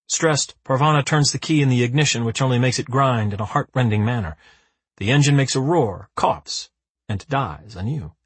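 A man narrating an audiobook with a lively, dry comic storytelling manner. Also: mid-range voice, husky, no echo.

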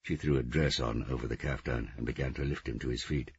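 A man narrating a novel in steady, measured scripted narration. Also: a bass voice, slightly rough, no room sound, dull audio. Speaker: audiobook narrator.

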